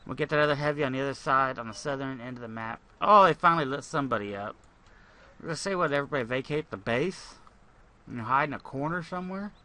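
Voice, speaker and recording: Bright-voiced man rambling over gameplay. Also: medium pitch, quick pace. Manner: rambling, profane, thinks aloud. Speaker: gaming channel host. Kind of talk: casual gameplay commentary.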